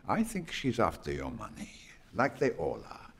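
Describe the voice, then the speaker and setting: An actor playing a scornful older family patriarch in film dialogue, with a gravelly, husky voice. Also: male voice, on the low side, wildly swooping pitch, a little slow, fairly bright tone, heavily acted.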